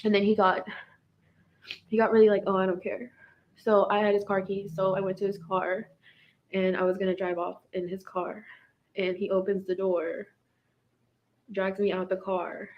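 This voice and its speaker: A young woman in her twenties vents in an emotional personal vlog, her voice distraught as she circles back on herself with constant "like"s. Her pitch sits in an ordinary middle range. The recording is slightly dull and lo-fi. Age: 20s. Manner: distraught, venting, heavy use of "like". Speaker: vlogger recounting her marriage.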